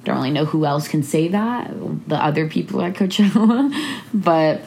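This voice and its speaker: A woman's voice: sits low, lively intonation, normal speed, a little mellow. A young woman chatting casually with a friend, bubbly and full of "like". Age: young adult. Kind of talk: casual chat recapping the year.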